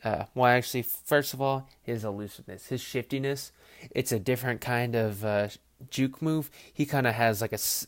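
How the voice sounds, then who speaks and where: A man talks football on his own podcast, loose and rambling, with plenty of swearing and quick acted-out player voices. His voice sits in an ordinary middle range. The sound is dry and close, with no room around it. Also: medium pitch, dry recording. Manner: rambling, profane, animated asides with quoted voices. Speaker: podcast host. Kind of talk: casual football commentary.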